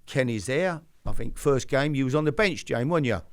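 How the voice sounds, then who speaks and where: A man's voice: medium pitch, lively intonation, fairly quick. An older man hosting a chat show, telling stories in a rambling way with many restarts. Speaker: host. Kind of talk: casual storytelling chat.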